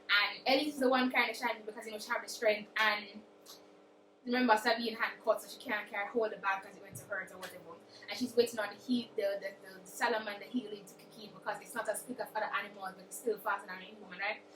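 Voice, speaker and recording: A woman's voice: mid-range voice, fairly even intonation, fast talker, noisy background. A young woman, chatting through a dramatic, casual book recap. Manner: chatty, dramatic retelling with acted quotes. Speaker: book vlogger. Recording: roomy echo, distant mic.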